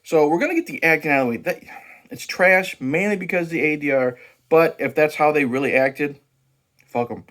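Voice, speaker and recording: A man's voice: a little high, expressive, a little fast, fairly bright tone. A man hosting his own movie review channel, talking casually and profanely with frequent restarts and fillers.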